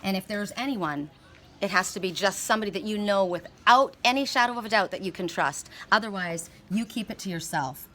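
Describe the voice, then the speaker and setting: A middle-aged woman giving a casual spiritual card reading outdoors, telling animated stories with frequent restarts. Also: mid-range voice, brisk, a little hiss or hum. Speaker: oracle card reader. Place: outdoors by water, California.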